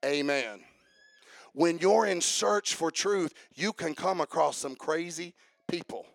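A male pastor preaching a sermon in a church, emphatic and repetitive, breaking into shouted proclamations. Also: a little high, slow pace, gravelly, no room sound.

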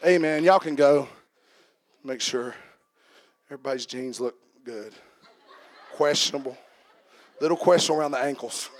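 A man preaching a sermon as pastor, swinging from quiet joking asides to shouted preaching and calling out to the congregation. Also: medium pitch, normal speed, pauses often, some chatter behind, a little hiss or hum. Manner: talks back and forth with the congregation. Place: church service.

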